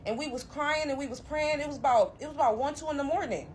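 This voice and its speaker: A woman's voice: high voice, fast, a little mellow, slight background noise, pitched above the performer's own voice, close to an everyday voice. A woman voicing an older churchgoing woman who warns urgently and emotionally.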